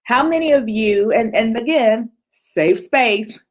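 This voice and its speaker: A woman giving an animated motivational talk to a virtual retreat audience, acting out other people's voices and laughing often. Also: on the high side, slow pace. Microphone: video call.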